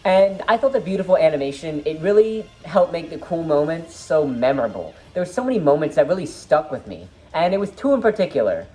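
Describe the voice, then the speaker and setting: Low-voiced woman chatting through a movie review, rambling, lots of ums and likes. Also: big pitch swings, brisk, hardly any pauses, warm tone, faint music behind. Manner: rambling, enthusiastic, many fillers. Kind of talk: casual review vlog.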